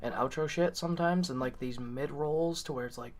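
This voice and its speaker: Casual streamer dude, kinda high voice, swears a lot, lots of "like". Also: male voice, brisk, a crowd in the background. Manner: laid-back, swears often, says "like" a lot. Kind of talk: casual chat.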